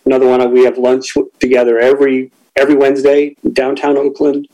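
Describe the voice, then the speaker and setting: A middle-aged man candidly telling a personal story, reflective and halting, often restarting his sentences. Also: medium pitch, completely flat delivery, dark tone, dull audio. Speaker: guest sharing a recovery story.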